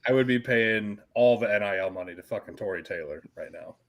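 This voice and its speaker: A man's voice: lowish voice, brisk. A man co-hosting a sports podcast, ranting emphatically and swearing freely. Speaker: podcast co-host. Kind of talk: casual sports chat.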